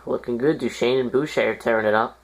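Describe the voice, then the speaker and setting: A man's voice: medium pitch, steady tone, quick pace. Guy casually rambling over his hockey sim, lots of likes and ums, blows up when his team loses. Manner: rambling, exasperated outbursts, many fillers. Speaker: gaming YouTuber. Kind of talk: casual game commentary.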